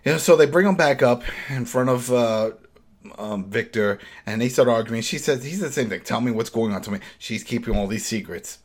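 A man co-hosting a casual recap chat, animatedly acting out scenes in quick mimicked voices. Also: mid-range voice. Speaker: podcast co-host.

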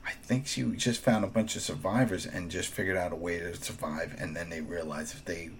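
A man's voice: brisk, slight background noise. A man talking casually in a podcast discussion, recapping an episode and acting out lines in playful voices. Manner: animated, acts out quotes in high voices. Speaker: show reviewer.

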